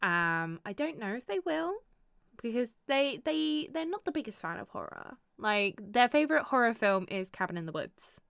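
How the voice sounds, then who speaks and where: A woman's voice: on the high side, moderate pace, vocal fry, clean tone, dry recording, clean studio sound. A woman co-hosting a podcast, chatting casually and giggling often. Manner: giggly, bubbly and expressive. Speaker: podcast co-host. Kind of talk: casual chat.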